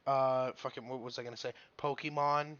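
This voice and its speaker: Animated, swearing podcast co-host, lo-fi sound. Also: medium pitch, moderate pace. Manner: animated, swears freely, mock-indignant. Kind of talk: casual chat.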